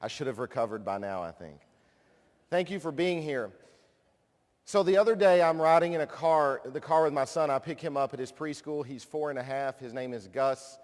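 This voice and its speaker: A man's voice: medium pitch, normal speed, darkish tone. A man in his thirties giving a conference speech, telling a personal story with self-deprecating humor before he introduces a guest. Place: large conference hall. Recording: long hall reverb.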